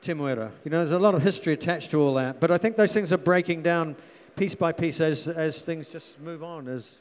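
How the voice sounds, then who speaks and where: A man's voice: a little high, brisk. A man from New Zealand, a filmmaker answering panel questions in a chatty, joking way with frequent restarts.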